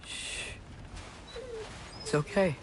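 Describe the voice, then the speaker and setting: An actor voicing an earnest, kind teenage boy god in a game, speaking gently and wryly. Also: on the high side, lively intonation, measured pace, background noise. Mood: tender. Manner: earnest, gentle and soothing with animals. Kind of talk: video game cutscene acting. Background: game music.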